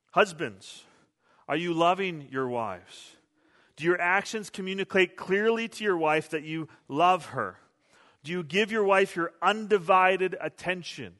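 Recorded in a church sanctuary with a big-room sound, a male pastor preaches in a conversational, self-deprecating storytelling style. His voice is on the high side with a fairly bright tone.

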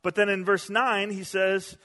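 A man preaching a sermon as pastor, an animated storyteller who often repeats words as he goes. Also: sits high, unhurried. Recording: long hall reverb.

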